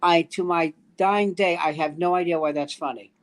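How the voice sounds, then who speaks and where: A man's voice: on the high side, steady tone, normal speed. An older man, a veteran stand-up comedian, telling a story in casual chat and acting out the lines of the people in it. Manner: acts out quoted dialogue in the story.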